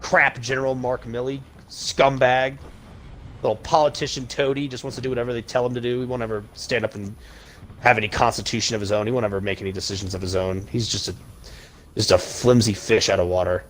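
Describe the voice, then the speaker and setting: A man's voice: medium pitch, level tone, a little fast, a little hiss or hum. A young man hosting a podcast, ranting heatedly with emphatic insults while chatting casually over a video game. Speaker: podcast host.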